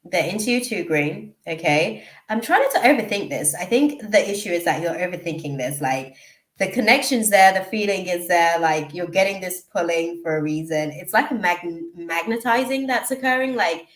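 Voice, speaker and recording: A woman's voice: on the low side, lively intonation, normal speed, reverberant. A woman giving a live tarot reading, chatty and emotional, often drifting off to read out names from the chat. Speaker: tarot reader.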